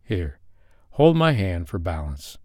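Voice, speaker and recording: A male narrator doing a playful young man in an audio story, confident and jokey, with a low voice. He gives easy little orders with a grin in them. The sound is dry and close. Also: big pitch swings, slow, darkish tone, no room sound, heavily acted. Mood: teasing. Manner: teasing, jokey, upbeat and commanding.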